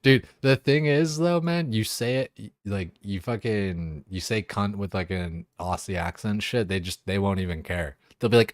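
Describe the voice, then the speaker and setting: Low-voiced, crude, rambling guy. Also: expressive, moderate pace, hardly any pauses, no echo, clean studio sound. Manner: crude, rambling, full of fillers and swearing. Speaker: game streamer. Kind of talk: casual chat while gaming.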